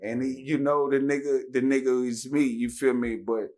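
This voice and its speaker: A man's voice: mid-range voice, normal speed, crowd noise. A man, telling a story casually as a podcast guest and acting out the dialogue. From Tennessee. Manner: animated, acts out dialogue with raised voice.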